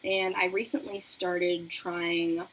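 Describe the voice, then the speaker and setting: A young woman speaks in a lowish, slightly bright voice, keeping her tone level and her pace slow. Hosting a beauty livestream from her apartment, she chats in a bubbly way, reads viewers' messages out loud, and works on her makeup. The recording is rough, with a noisy radiator adding a faint hiss.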